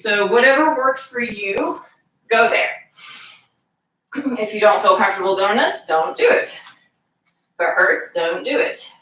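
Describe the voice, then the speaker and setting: A woman fitness instructor leading a live exercise class, calmly giving cues and counting reps aloud. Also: fairly high pitch. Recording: echoey room, voice from far off.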